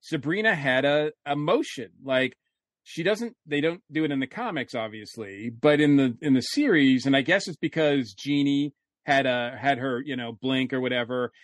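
A man's voice: mid-range voice, moderate pace, no echo. A man co-hosting a podcast, chatting casually and rambling through his thoughts with restarts. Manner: relaxed, rambling, many restarts. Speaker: podcast co-host.

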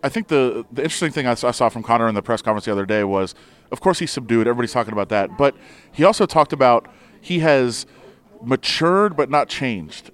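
A man hosting a casual roundtable, joking and asking questions. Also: medium pitch. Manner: joking, chatty, asks questions. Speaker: host.

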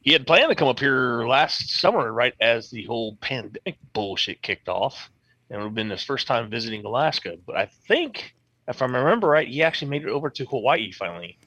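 A man speaking as a podcast guest in an earnest, easygoing way. His speech is full of fillers and the occasional swear word. His voice is bright and forceful, and the sound is dry and close. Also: medium pitch, sing-song, a little fast, slightly rough, dry recording. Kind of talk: casual chat.

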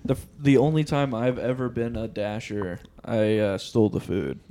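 A man's voice: on the low side, fairly even intonation, normal speed, crowd noise. A young adult man co-hosting a casual podcast, telling rambling, slangy, profane stories. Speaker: podcast co-host.

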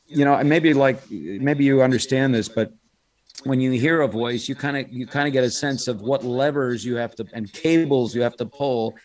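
Animated storytelling middle-aged man. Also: medium pitch, moderate pace. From United States. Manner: animated storyteller, drops into quoted voices. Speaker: guest, voice actor and impressionist. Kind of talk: casual interview chat.

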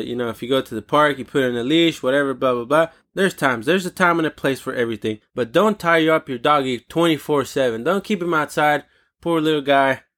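A man hosting a talk show alone, ranting in a casual, animated and indignant way, swearing freely. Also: medium pitch. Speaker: podcast host. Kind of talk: casual solo rant.

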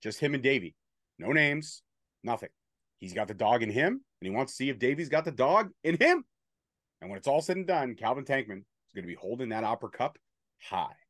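A man's voice: medium pitch, sing-song, a little fast, a bit bright, dry recording. Man, host, casual chat, profane banter, play-by-play recap, dry close sound. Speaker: podcast host recapping wrestling.

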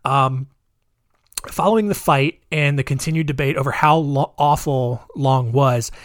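A man recounts a history story in a loose, conversational way, full of fillers and wry asides. His pitch sits in the middle range. The recording is dry and close. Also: a little slow, dry recording.

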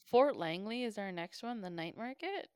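A woman co-hosting a casual podcast, teasing and quick to laugh. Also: mid-range voice, animated, a little mellow, clear, resonant tone, no room sound, studio quality. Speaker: podcast co-host.

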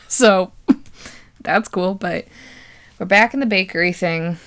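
A young woman rambles through a movie recap in a loose, sarcastic podcast style. She laughs often and swears freely, with an easy, mid-pitched voice. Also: slow, pauses often, smooth. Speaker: podcast host.

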